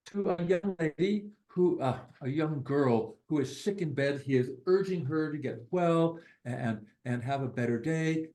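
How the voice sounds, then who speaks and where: A man reading poems at an online poetry gathering, slowly and deliberately, with chatty asides between them. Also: a little high, dark tone, low-quality recording. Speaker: poetry reader at an open mic. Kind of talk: casual reading and commentary. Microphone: online video call.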